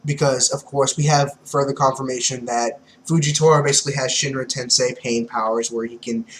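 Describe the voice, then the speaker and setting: A young man giving casual, excitable manga commentary, swearing freely and laughing often. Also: medium pitch, a little fast, slight background noise, rough recording. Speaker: manga reviewer.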